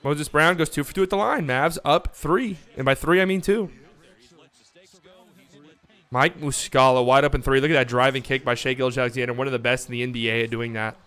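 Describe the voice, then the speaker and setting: A man hosting a live watch party stream, calling the game in casual play-by-play that swings between calm calls and excited, swearing outbursts. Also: mid-range voice, a little fast, clear, resonant tone.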